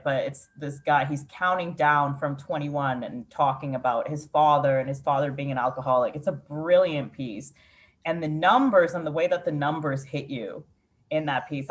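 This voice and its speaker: Woman poet talking candidly in an interview, kinda low voice, lots of "like"s, thoughtful. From Ukraine. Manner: reflective, candid, frequent "like" fillers. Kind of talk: casual interview storytelling.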